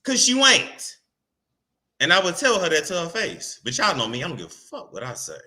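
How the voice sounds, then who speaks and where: A man's voice: fairly high pitch, huge pitch swings, moderate pace, sharp tone. A man hosting a celebrity gossip vlog in a brash, profane, sarcastic rant to camera. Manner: playful sing-song repetition.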